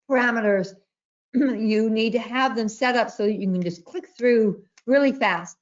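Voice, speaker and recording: A woman trading educator giving an emphatic webinar presentation, repeating her key points and telling stories. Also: medium pitch. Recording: dull lo-fi webinar audio.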